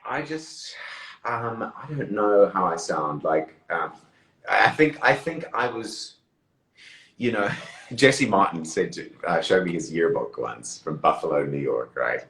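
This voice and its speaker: A man's voice: deep voice, animated, unhurried, fairly bright tone, roomy sound, poor audio. A man with a mixed Zimbabwean, Australian and British accent, chatting as an interview guest, rambling with many fillers and laughing often. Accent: mixed Zimbabwean, Australian and British English. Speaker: actor, guest. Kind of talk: casual chat.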